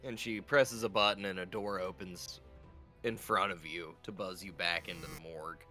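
A man narrating as game master of a tabletop role-playing game, in an animated, playful way. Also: sits low, moderate pace, faint music behind.

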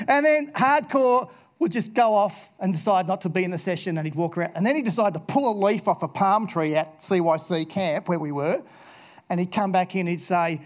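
A man telling a story to a room of children, animated and expressive, lifting into playful voices and dropping low and quiet for serious points. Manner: animated, acts out characters in high voices. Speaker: speaker addressing schoolchildren. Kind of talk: storytelling talk to an audience.

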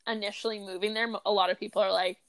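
A woman's voice: mid-range voice, flat delivery, rapid-fire, no echo. A young woman, co-hosting a podcast in giggly, teasing casual chat full of fillers. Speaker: podcast co-host.

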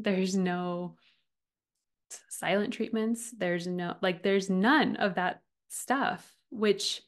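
A woman in her thirties hosting a podcast, talking earnestly and from the heart about relationships, often with a soft laugh. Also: medium pitch. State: getting emotional. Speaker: podcast host and relationship coach. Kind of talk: personal podcast monologue.

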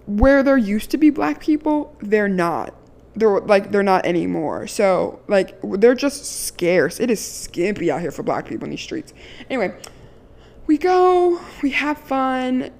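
A woman in her early twenties from Maryland, USA tells a candid, sassy storytime, full of casual swearing and plenty of "like." Her voice is mid-range with a darkish tone.

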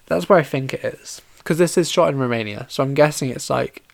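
Gravelly, rambling solo podcast host. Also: medium pitch, fairly quick, no echo. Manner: rambling, heavy use of "like" fillers and restarts. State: tired and yawning. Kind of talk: casual solo podcast chat about a film.

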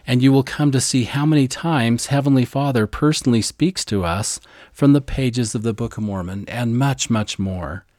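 A man co-hosting a scripture lesson podcast, eager and deliberate, carefully spelling out names and their pronunciations. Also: medium pitch, darkish tone, no room sound, studio quality. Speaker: podcast co-host teaching scripture.

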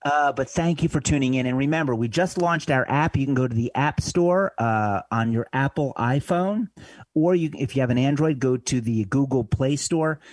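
A man's voice: medium pitch, darkish tone, no echo. A man hosting a talk radio show, talking loosely with fillers and side remarks from a studio. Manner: conversational, loose, with fillers and asides. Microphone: studio microphone.

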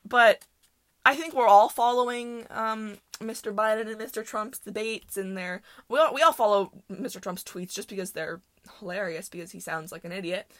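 A woman's voice: mid-range voice, moderate pace, a bit bright, no echo. A young woman hosting a podcast, telling stories in a chatty, rambling way, full of fillers and laughing often. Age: young adult. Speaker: podcast host. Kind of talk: casual solo storytelling.

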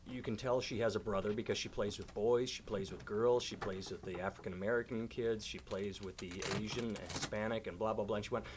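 A man co-hosting a podcast, telling a story at a relaxed pace with a dry sense of humor. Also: on the low side, slight background noise. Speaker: podcast co-host. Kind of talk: casual podcast chat.

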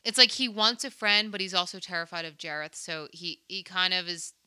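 A woman co-hosting a podcast, recapping a film scene by scene in casual, animated chat and swearing freely. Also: lowish voice, brisk, clear, resonant tone, dry recording, studio quality. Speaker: podcast co-host.

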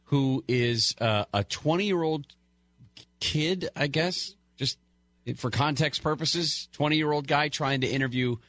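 Bright-voiced man co-hosting talk radio. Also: on the high side, slow pace, no echo. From California. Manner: wry, joking commentator. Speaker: radio co-host. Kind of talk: casual talk radio banter.

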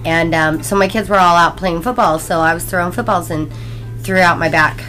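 A woman's voice: fairly low pitch, fairly even intonation, fairly quick, fairly bright tone, soft background music, low-quality recording. A middle-aged woman co-hosting a podcast, chatting casually with frequent laughs and offhand swearing. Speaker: podcast co-host. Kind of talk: casual chat.

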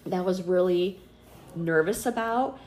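A woman's voice: fairly low pitch, a little slow, darkish tone, echoey room, slight background noise. A middle-aged woman telling a personal faith story in casual conversation. She is earnest and chatty, with many fillers, and acts out the voices she quotes. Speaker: interviewee.

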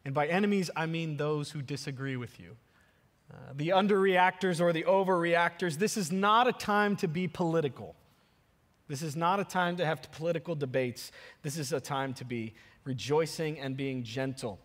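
A man preaching a sermon as pastor, earnest, climbing to emphatic peaks and then dropping soft and low. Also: normal speed, in a large hall.

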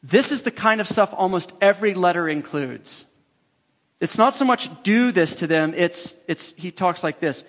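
A man's voice: high voice, lively intonation, normal speed, fairly bright tone, in a large hall. A male pastor preaching a sermon, emphatic and repeating his key phrases for weight.

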